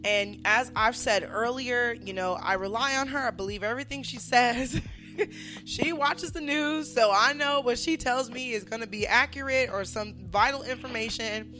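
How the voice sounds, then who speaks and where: Brief: young woman host, slightly tipsy, loud and laughing, swears a lot, voice sits a little high, music faint behind. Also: moderate pace. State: a little drunk. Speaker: podcast host. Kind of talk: casual chat.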